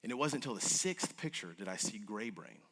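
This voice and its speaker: A man earnestly telling an emotional personal story to an audience, his voice moving between hushed and urgent. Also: lowish voice, sing-song, brisk, husky. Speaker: guest speaker.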